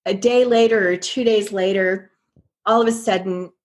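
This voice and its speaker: A woman's voice: mid-range voice, steady tone, normal speed. An older woman, a guest in an interview, telling her story earnestly and quoting her own past thoughts.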